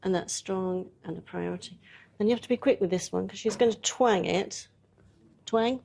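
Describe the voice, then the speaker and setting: A woman's voice: medium pitch, fairly quick, creaky, a little mellow. A woman presenting a live workshop, talking a volunteer through a hands-on demonstration in a chatty way with frequent laughs.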